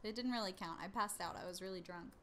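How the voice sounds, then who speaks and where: A woman's voice: medium pitch, fast, a bit bright. A young woman speaking as a stream guest, blunt, frank and teasing. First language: not English. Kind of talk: casual chat.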